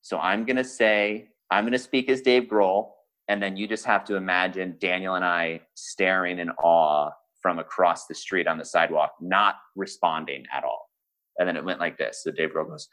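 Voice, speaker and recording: A man with a fairly low voice tells a story as a podcast guest. He is animated and self-deprecating, stumbling and restarting as he builds to the punchline. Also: normal speed, poor audio. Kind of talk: casual storytelling.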